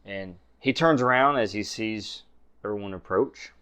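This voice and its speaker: A man narrating a tabletop game as game master, relaxed and full of fillers. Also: on the low side, unhurried, clean tone.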